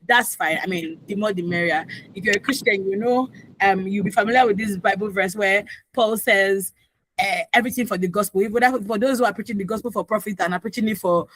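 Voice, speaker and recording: Nigerian woman, radio host, opinionated, animated, dry studio sound. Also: mid-range voice, a little fast, no echo, poor audio. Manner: opinionated, animated, frequent asides. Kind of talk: morning radio talk.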